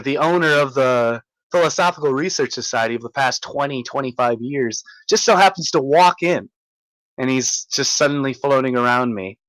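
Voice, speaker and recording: Rambling, halting man, dry sound. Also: mid-range voice, dry recording, poor audio. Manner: halting, many restarts and fillers; excitable, marvelling. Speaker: vlogger recounting a visit. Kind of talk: rambling casual storytelling.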